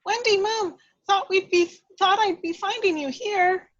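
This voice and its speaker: A woman voicing an excited, flustered housekeeper who calls out in a raised, high voice. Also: measured pace, muffled recording. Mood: excited calling.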